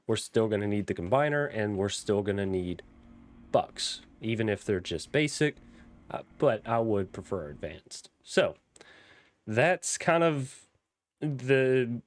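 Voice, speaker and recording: A man's voice: mid-range voice, no echo. A young man with a Southern accent, rambling through casual gameplay commentary with frequent ums and restarts. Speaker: Minecraft modpack let's player.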